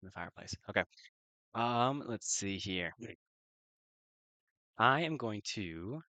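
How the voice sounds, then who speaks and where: Brief: a man with a low, clear voice as a tabletop player, playful, hesitant, dry close sound. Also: expressive, takes it slowly, sharp tone, no room sound. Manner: playful, hesitant, many fillers. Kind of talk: casual tabletop role-play.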